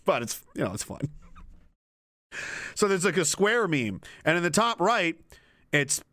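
A man's voice: a little high, big pitch swings, measured pace, pushed and bright, dry recording, clean studio sound. A man streaming live, rambling, giggling and swearing in a casual comedic rant.

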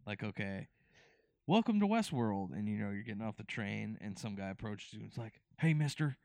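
A man's voice: fairly low pitch, expressive, brisk, vocal fry, darkish tone, dry recording. A man co-hosting a podcast in casual chat, playful and joking. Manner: playful, jokes and acts out bits. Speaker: podcast co-host.

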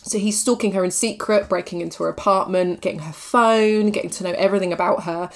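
A woman's voice: mid-range voice, fast. A woman co-hosting a casual chat about films and TV, rambling with lots of fillers. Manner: chatty, rambling, full of fillers. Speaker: podcast co-host. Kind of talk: casual film and TV review chat.

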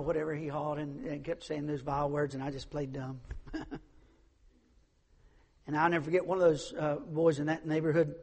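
A man's voice: a little high, slightly rough, big-room sound. A man preaching a sermon, emphatic, repeating his points and acting out the people in his stories. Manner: emphatic, repeats phrases, acts out quoted voices.

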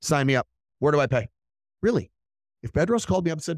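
A man hosting a solo podcast as a business coach, blunt and profane, who fires off motivational points and acts out what other people say in quick asides. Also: on the high side, sing-song, dry recording, clean studio sound.

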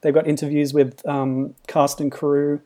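A man chatting casually as a podcast co-host, relaxed and chuckling between his points. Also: on the high side, a little slow. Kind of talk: casual chat.

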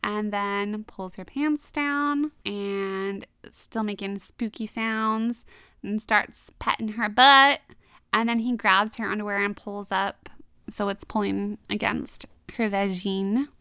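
A woman's voice: medium pitch, slow, clean tone, dry recording, studio quality. A woman co-hosting a podcast, casually retelling an anime episode with lots of laughs and quoted lines. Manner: giggly, animated retelling with quoted voices. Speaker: podcast co-host.

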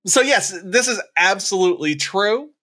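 A man with a bright, slightly high voice tells a story in a relaxed podcast chat. His delivery is wry and loose, and he breaks into laughter often. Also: normal speed. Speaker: podcast co-host.

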